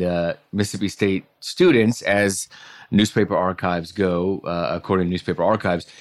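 Chatty man telling sports stories. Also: sits low. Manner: animated anecdote-telling with frequent restarts. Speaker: sports reporter. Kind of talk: casual storytelling on a podcast.

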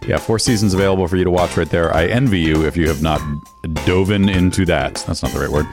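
A man's voice: low voice, fast, over music. A man co-hosting a podcast, reading casual show plugs, chuckling and correcting himself as he goes. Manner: loose, chuckling, self-correcting. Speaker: podcast co-host. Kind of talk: casual plug segment chat.

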